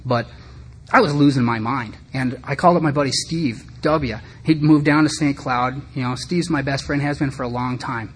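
At a normal speed and in a mid-range voice, the middle-aged man speaks openly and self-deprecatingly to a recovery group in a meeting room, keeping it conversational with frequent asides. Slight background noise is audible.

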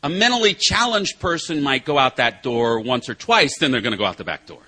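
A man's voice: medium pitch, animated, a little fast, bright, forceful tone, breathy edge. A middle-aged man telling a recovery group about his own drinking, sponsor-style, with a wry, self-mocking humor and punchlines. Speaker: recovery meeting speaker and sponsor. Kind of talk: personal recovery talk to a group.

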